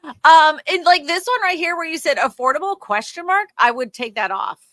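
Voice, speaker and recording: This co-host gives thumbnail feedback on a casual livestream in a bright, forceful voice that sits high, with lively intonation. She's direct and coaching, tossing in quick asides. The sound is dry and close, with little room echo.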